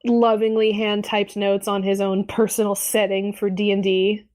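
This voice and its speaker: A woman's voice: mid-range voice, little pitch movement, moderate pace, darkish tone. A woman co-hosting a podcast about tabletop gaming, joking and swearing in casual chat. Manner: joking and profane, often laughing. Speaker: podcast co-host.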